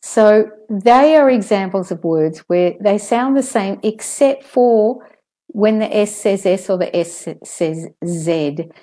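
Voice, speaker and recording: Woman, pronunciation teacher, very slow deliberate delivery, mellow tone, careful drills. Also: medium pitch, lively intonation. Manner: slow, careful drills with clear word pairs. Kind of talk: online pronunciation lesson.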